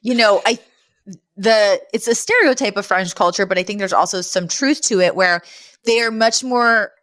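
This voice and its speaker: A woman co-hosting a podcast, retelling a sitcom episode in animated casual chat, full of fillers. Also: mid-range voice, moderate pace, dry recording, studio quality. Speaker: podcast co-host.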